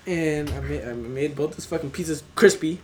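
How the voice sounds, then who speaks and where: A man's voice: fairly high pitch, normal speed, a little hiss or hum. A young man casually telling a funny work story on a podcast, rambling and swearing, often breaking into laughter. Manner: laughs often, loose and profane, rambling with fillers.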